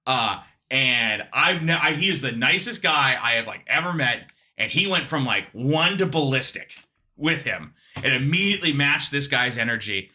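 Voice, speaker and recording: A man, a comedian guest on a podcast, telling a story in an animated, restless way with quick restarts. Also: mid-range voice.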